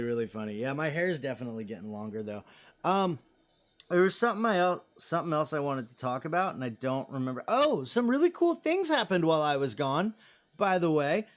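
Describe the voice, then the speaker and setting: A thirty-something man hosts a live stream, his mid-range voice brisk and expressive. He chats casually and rambles while reading viewer comments, joking at his own expense in a self-deprecating way.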